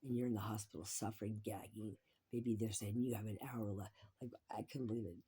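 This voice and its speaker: A woman's voice: rumbling low, steady tone, a little fast, mellow, breathy edge. A woman talking in a rambling personal monologue, repeating herself, swearing freely and sometimes dropping into a whisper.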